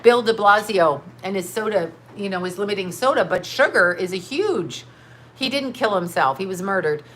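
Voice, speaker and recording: A middle-aged woman talks straight into a webcam, ranting bluntly with profanity as she reads chat comments. Her voice sits mid-range in pitch. A faint background hiss stays under her. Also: expressive, normal speed, a bit bright. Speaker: livestream host reading chat comments. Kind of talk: casual livestream rant. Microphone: webcam or phone mic.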